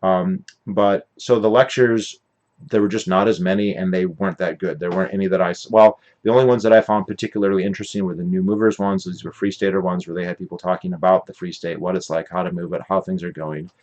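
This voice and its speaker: A man's voice: low voice, steady tone, fast talker, a little mellow. A man hosting his own podcast, recapping an event in a rambling, opinionated monologue and often correcting himself mid-sentence. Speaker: podcast host.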